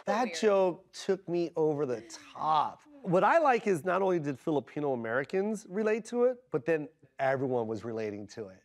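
A man's voice: on the high side, very animated, normal speed, hardly any pauses, a little hiss or hum. A man in his fifties, a comedian, speaking reflectively and emotionally in a sit-down interview. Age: 50s.

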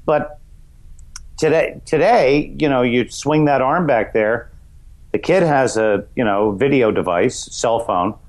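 A middle-aged man from New York's Westchester County, a comedian guest talking in a loose, rambling way, full of "you know" fillers. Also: takes it slowly. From Westchester County, New York. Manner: acts out voices in high shouts. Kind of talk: casual interview chat.

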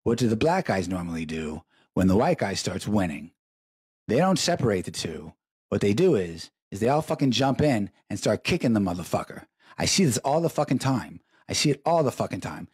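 A man's voice: on the low side, very animated, fairly quick, darkish tone, slightly rough, no room sound, clean studio sound. A middle-aged man hosting a live show, telling crude stories in a profane, rambling way and repeating his words for emphasis, while stoned. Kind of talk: crude stream-of-consciousness storytelling.

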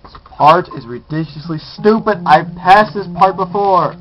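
A man's voice: high-pitched, moderate pace. A man commenting on his own gameplay, muttering, exasperated and cursing at his mistakes. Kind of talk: frustrated let's play commentary. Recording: dull lo-fi capture with loud guitar music. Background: guitar music.

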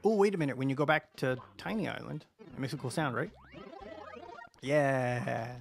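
A man's voice: medium pitch, normal speed, vocal fry, faint music behind. A man casually commentating as he plays a video game on a livestream, joking around and greeting viewers. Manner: goofy, joking, chatting to viewers. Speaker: streamer.

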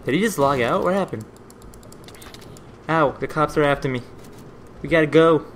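A man hosting a gaming video, giving rambling let's play commentary that is easily excited and full of swearing. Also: a little high, moderate pace, slight background noise.

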